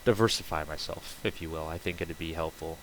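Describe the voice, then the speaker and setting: A man's voice: very deep voice, a little fast, fairly bright tone, slight background noise, poor audio. A man casually chatting while streaming a game, rambling loosely with many fillers and restarts. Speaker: streamer building on a game server.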